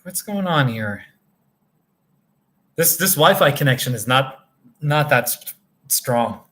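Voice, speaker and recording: A man's voice: mid-range voice, lively intonation, slow, a bit bright. A tired man hosting a casual livestream from a motel room, rambling as he chats with viewers by name. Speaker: livestream host reading viewer chat.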